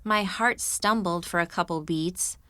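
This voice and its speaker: A woman narrating an audiobook in the first person, in a measured, even manner into a studio microphone. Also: lowish voice, clean tone, dry recording.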